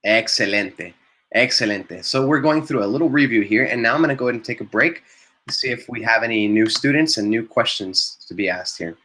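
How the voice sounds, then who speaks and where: A man's voice: mid-range voice, sharp tone. A man teaching a live online Spanish class, modelling vocabulary and praising students with frequent encouragement.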